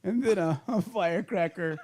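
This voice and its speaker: A middle-aged man, the podcast host, telling childhood stories in casual, animated chat. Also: on the high side. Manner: animated storyteller, laughing through funny stories.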